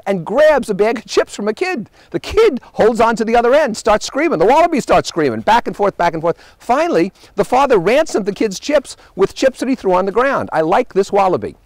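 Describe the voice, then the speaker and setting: Male host, high animated voice, wry anecdotal travel monologue, dry close sound. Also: no room sound. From United States. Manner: animated storyteller, wry punchlines.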